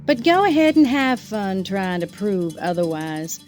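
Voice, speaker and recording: A woman's voice: medium pitch, very animated, measured pace, darkish tone, faint music behind. A woman playing a coolly unbothered sister. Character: cool, triumphant sister who took over.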